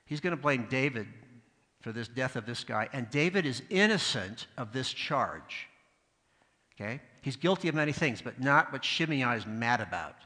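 A man's voice: mid-range voice, lively intonation, moderate pace, bright, forceful tone. A male pastor giving a sermon, telling stories with asides and acting out the voices of the people in them. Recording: long hall reverb.

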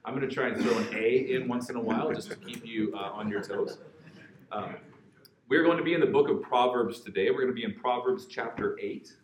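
A man's voice: medium pitch, a little fast, slight background noise. A man from Alberta, Canada, with a Western Canadian accent, preaching in a conversational, joking way and repeating words for emphasis. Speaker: pastor. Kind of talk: sermon. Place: large church hall. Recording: echoey church hall.

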